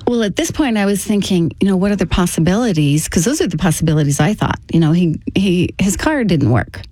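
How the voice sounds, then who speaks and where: A woman telling a personal story to an interviewer in a casual, halting way, with frequent restarts. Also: lowish voice, animated, warm tone, dry recording. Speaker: interview guest.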